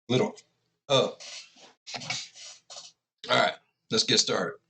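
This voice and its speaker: A man's voice: medium pitch, steady tone, slow pace, vocal fry, bright, forceful tone, a little hiss or hum, low-quality recording. A man hosting a reaction video, talking casually and joking around between clips. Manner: joking, rambling, laughs often. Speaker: reaction channel host.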